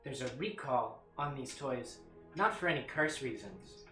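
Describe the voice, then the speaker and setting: A man's voice: mid-range voice, animated, unhurried, sharp tone. A man playing a tabletop game, eagerly brainstorming plans, recorded in an echoey room with music behind. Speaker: player. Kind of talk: casual tabletop game chat.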